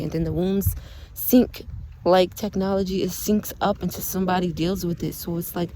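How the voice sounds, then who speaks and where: A young woman talking in a casual, rambling spiritual monologue, earnest and quick to laugh, with lots of "like" fillers. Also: lowish voice, dark tone, slight background noise. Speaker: spiritual vlogger.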